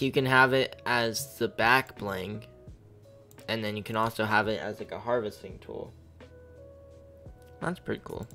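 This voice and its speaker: A man's voice: mid-range voice, fairly bright tone. A man streaming a game, giving casual, goofy commentary full of gamer slang. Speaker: gaming streamer.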